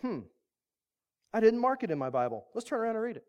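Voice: medium pitch, very animated, fast, darkish tone, highs cut off. Pastor, sermon, conversational, playful, easygoing delivery. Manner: casual, joking, conversational. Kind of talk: sermon with Bible reading.

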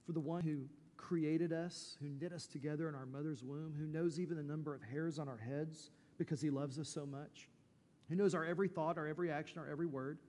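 Pastor, man, slightly high voice, emphatic preaching with rhetorical questions, long hall reverb. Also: steady tone, a little fast, dark tone. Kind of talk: sermon.

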